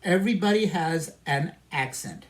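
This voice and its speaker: In a pretty simulated classroom micro lesson, a New York-accented ESL teacher leads English listening practice. His voice is a little high with lively intonation, and he goes slowly, patiently speaking to imagined learners and answering on their behalf while echoing them.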